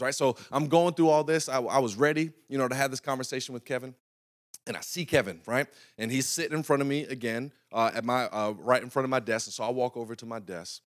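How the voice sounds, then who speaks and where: A man's voice: mid-range voice, quick pace. Conversational preacher man telling a story. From North Carolina. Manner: conversational preaching, often asks "right?" to the congregation. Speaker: pastor. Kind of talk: sermon storytelling.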